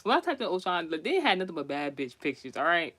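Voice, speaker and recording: Guy talking straight to camera, rambling and cussing, tripping over his words, kinda high voice. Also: very animated, fast talker, pushed and bright. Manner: chatty, profane, laughs often, many restarts. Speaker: vlogger. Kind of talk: casual storytelling monologue.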